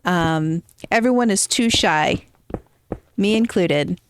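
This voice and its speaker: A woman's voice: on the low side, slow pace, a little hiss or hum. A woman streaming a game from home, chatting casually and rambling as she answers her chat.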